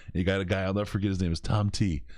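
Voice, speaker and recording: A man hosting a podcast, telling stories in an animated way and laughing as he goes. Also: sits low, very fast, dry recording, clean studio sound. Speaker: podcast host. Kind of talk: casual storytelling.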